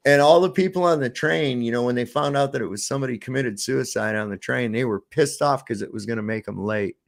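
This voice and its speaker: A middle-aged man hosting a podcast, telling stories in a profane, animated, casual chat. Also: mid-range voice, quick pace, gravelly. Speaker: podcast host.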